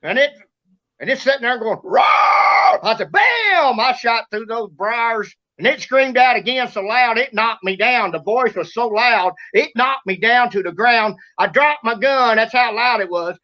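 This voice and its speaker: A man with a Kentucky Southern accent telling a story as host, excitable and drawling, acting out sounds and shouts. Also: extremely high pitch, normal speed, lo-fi sound. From Kentucky, USA. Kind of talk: animated storytelling.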